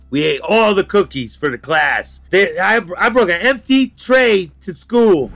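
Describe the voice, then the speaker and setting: A man bluntly recounting his rough youth in an interview, talking in street slang and swearing freely. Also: mid-range voice, a bit bright. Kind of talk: candid life-story interview.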